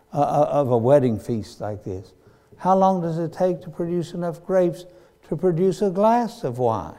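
A man preaching a sermon in a slow, drawn-out cadence. His voice is mellow and dark, sitting a little high for a man. He leans on repetition and long pauses for emphasis.

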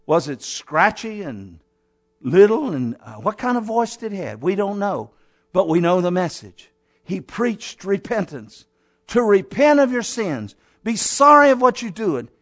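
High-pitched guy preaching, emphatic, loud then low, lots of rhetorical questions. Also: very animated, a little slow. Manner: emphatic, rising to near-shouts and dropping low, with rhetorical questions. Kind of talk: sermon.

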